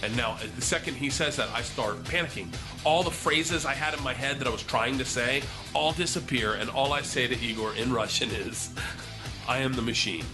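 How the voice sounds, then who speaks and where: A male comedian telling an animated, profane story on stage and acting out other people's lines. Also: medium pitch, brisk, few pauses, over music. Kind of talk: stand-up storytelling.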